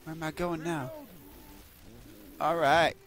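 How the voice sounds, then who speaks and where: A young man giving profane, excitable gameplay commentary, cursing at his teammates with loud outbursts. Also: a little high, takes it slowly. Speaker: gaming video creator.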